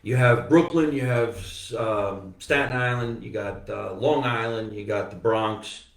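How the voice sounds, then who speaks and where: A man's voice: lowish voice, unhurried, creaky, far from the mic. Jersey-accented man in an echoey room. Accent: New Jersey. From New Jersey. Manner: loud, joking, swearing storyteller. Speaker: podcast host. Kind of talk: casual comedy chat. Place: basement room.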